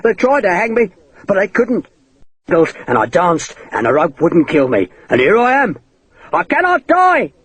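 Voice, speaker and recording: A man's voice: high-pitched, huge pitch swings, unhurried, fairly bright tone, husky, voice pushed up, full character voice. A man voicing a deranged soldier who shrieks and raves in terror. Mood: raving. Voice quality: shrieking, frantic. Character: raving deranged male soldier, terrified.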